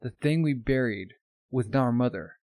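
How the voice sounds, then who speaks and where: Brief: man reading brash teen boy hero, quick temper, plain mid voice. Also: medium pitch, a little mellow, no echo, natural voice.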